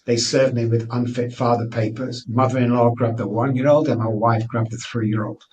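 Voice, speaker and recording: In a personal storytelling interview, a middle-aged Manchester man speaks as the guest with a steady, slightly mellow, medium-pitched voice at normal speed. He's candid and earnest, restarts often, and sounds kind of far from the mic.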